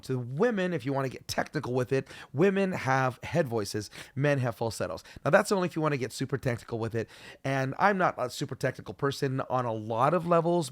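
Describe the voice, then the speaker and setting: A man's voice: medium pitch, no room sound. A man giving an upbeat online singing lesson as a vocal coach, explaining technique and demonstrating sounds.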